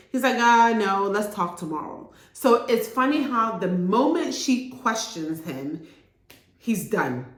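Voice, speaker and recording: A woman casually recapping a TV drama episode for her channel, talking loosely with fillers and acting out the characters' lines in quick bursts. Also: lowish voice, roomy sound. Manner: animated, acts out characters' lines. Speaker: video host recapping a TV episode.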